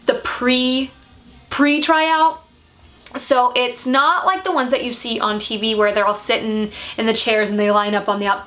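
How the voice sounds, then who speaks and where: A woman vlogger telling a story in a casual, animated way, full of "like"s and talking straight to her viewers. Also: on the high side. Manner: animated and chatty, many "like"s.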